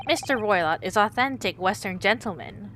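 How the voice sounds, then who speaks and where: A woman puts on a gruff, proud sailor guarding a ship's cabins, barking out broken English. His voice sits at a middling pitch, blunt and dismissive. Steady noise hums under the recording. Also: normal speed, natural voice.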